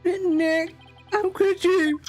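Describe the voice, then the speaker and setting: A man's voice: very high voice, steady tone, takes it slowly, soft background music, pitched above the performer's own voice. A man voicing a whiny, overdramatic young man, stammering and wailing as he reads game dialogue aloud. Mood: whining. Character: loud whiny young man, dramatic best friend.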